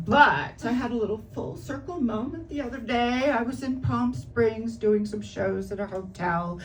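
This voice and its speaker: A woman performing a stand-up comedy set on a club stage, brash and animated, often laughing at her own jokes. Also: fairly high pitch, moderate pace, few pauses. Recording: distant mic with noisy room.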